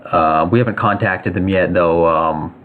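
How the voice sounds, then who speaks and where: A businesslike agency director laying out a deal in a low, halting voice full of pauses and fillers, as a man plays him. He sounds like an everyday speaker, not a showy character. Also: narrow, tinny audio. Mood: explaining. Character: businesslike middle-aged male agency director.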